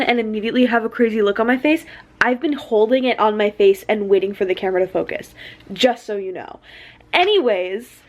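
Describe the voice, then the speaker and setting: A young woman vlogging about a book she is reading, gushing and flustered, talking straight into her camera and filling her sentences with "like". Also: on the high side. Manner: gushing and flustered, heavy use of "like". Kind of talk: excited casual book chat. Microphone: camera mic.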